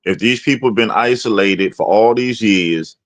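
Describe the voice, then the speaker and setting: Low-voiced man asking leading questions. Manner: posing leading questions, steady and deliberate. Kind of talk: casual livestream talk.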